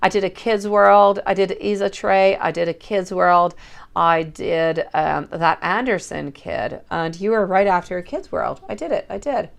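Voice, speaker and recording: A woman's voice: fairly low pitch, measured pace, gravelly. A woman giving a chatty, affectionate livestream tarot reading and calling viewers sweetie. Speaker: tarot reader.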